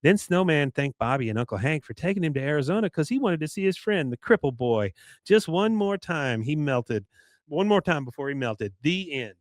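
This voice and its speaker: A man's voice: a little high, lively intonation, normal speed, no echo, clean studio sound, pitched above the performer's own voice, natural voice. A man doing a sweet naive young woman. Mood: earnest. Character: sweet naive young woman reciting her story-song.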